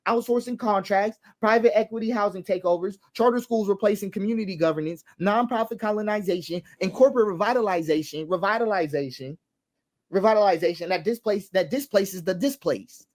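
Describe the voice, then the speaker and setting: A man with a high, darkish voice speaks briskly while giving impassioned social commentary. He is emphatic, repeating key phrases to stress his points, asking rhetorical questions, and laughing now and then.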